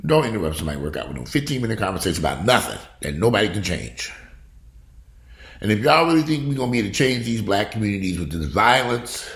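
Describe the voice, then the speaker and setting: A middle-aged man from the United States, ranting to camera in a casual vlog, blunt and profane, swinging from loud outbursts to low grumbling. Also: very animated, fairly quick, creaky, echoey room. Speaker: vlogger.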